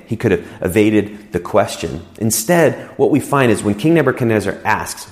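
A man's voice: lowish voice, expressive, normal speed, a little mellow. A man giving a conversational sermon as a pastor, explaining scripture in an easygoing way and often repeating words as he goes.

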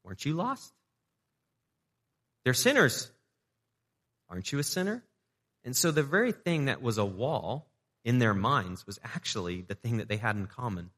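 A man's voice: medium pitch, very animated, moderate pace, long pauses, fairly bright tone, in a large hall. A man preaching a sermon as a pastor, talking conversationally, asking the audience rhetorical questions and repeating words as he restarts.

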